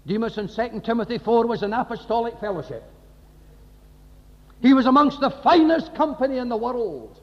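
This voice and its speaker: A man's voice: extremely high pitch, animated, moderate pace. A man preaching an impassioned sermon, often firing rhetorical questions at the congregation. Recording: dull lo-fi recording in a reverberant hall.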